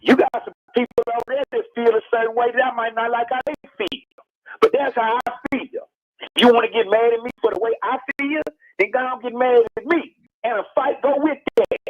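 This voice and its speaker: A man's voice: very high-pitched, steady tone, fairly quick, dry recording. Give me a man calling into a radio show, lecturing hard over a dull phone line. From Texas. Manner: emphatic, lecturing, repeats his points. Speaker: rapper on a radio call-in. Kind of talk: heated radio phone interview. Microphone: telephone. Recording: muffled phone-line audio.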